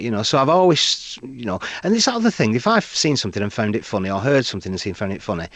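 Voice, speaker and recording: This is a medium-pitched man who talks fast with hardly any pauses: a middle-aged comedian from the North of England sharing anecdotes in a radio studio interview. He brings quoted voices to life in an animated way. The recording is dry.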